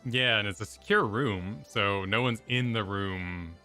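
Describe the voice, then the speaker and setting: Bright-voiced man chatting on a game stream. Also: fairly low pitch, a little slow, faint music behind. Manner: animated, jokey, puts on silly voices for characters. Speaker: co-host playing a video game. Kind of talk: casual gaming stream chat.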